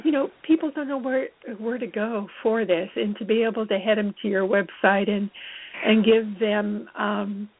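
Talk host: encouraging woman, slightly breathy, tinny lo-fi line. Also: mid-range voice, steady tone, moderate pace. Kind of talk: casual interview chat. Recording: phone-line sound.

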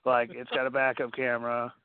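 A man's voice: medium pitch, monotone, fairly quick, clean tone, no echo. A man chatting casually as a co-host, dry and self-deprecating. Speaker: podcast co-host. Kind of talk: casual chat. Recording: tinny phone-like line, dry.

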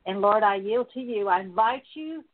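A woman praying aloud as a minister, leading a spoken prayer of confession as a steady litany of repeated petitions. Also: medium pitch, normal speed. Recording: tinny phone-like sound.

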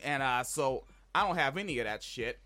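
A man co-hosting a podcast, telling a story in a casual, profane, animated way. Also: mid-range voice, normal speed, soft background music. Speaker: podcast co-host. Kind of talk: casual chat.

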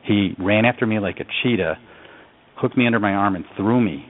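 A man's voice: fairly low pitch, a little fast, a little hiss or hum. A man from upstate New York, a radio interview guest, telling a story in an earnest, reflective way. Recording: phone-line audio.

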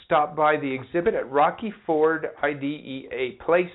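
A man co-hosting a radio show, reading local news items briskly and teasing his co-host in casual chat. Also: fairly high pitch. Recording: tinny phone-like broadcast audio.

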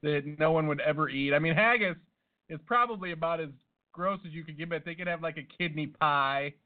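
A man with a slightly high voice co-hosts a loose comedy podcast and spins absurd stories in a deadpan manner. His voice comes through thin and tinny, like a phone line. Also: brisk. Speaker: podcast co-host. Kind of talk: casual comedic banter.

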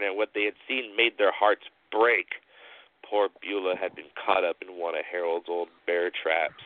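A man hosting a show, narrating a spooky story with slow, dramatic pauses. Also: low voice, no echo. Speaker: storyteller host. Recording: tinny phone-like line.

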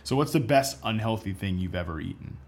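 A man's voice: lowish voice, animated, a little fast, creaky, darkish tone, husky. A man co-hosting a podcast in casual chat, telling loose, rambling stories full of fillers. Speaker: podcast co-host.

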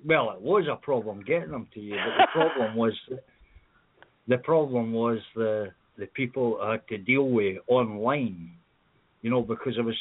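A Scottish man on a call-in, mid-range voice, chatting loosely and cursing as he tells a long story. His voice arrives thin and tinny, squeezed down like a phone line. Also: medium pitch. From Scotland. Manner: rambling, swearing storyteller. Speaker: caller. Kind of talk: casual phone chat.

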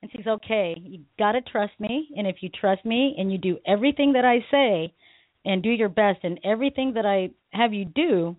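A woman hosting a talk radio show, telling her own stories in a lively, casual way and laughing often. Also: mid-range voice, normal speed, no room sound. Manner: animated storytelling, laughs often. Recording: tinny phone-line sound, dry.

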